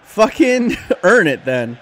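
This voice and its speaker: A man's voice: high-pitched, very animated, takes it slowly, a bit bright. A man with an American accent, from Canada, streaming live and ranting profanely at his chat between reactions to a football match.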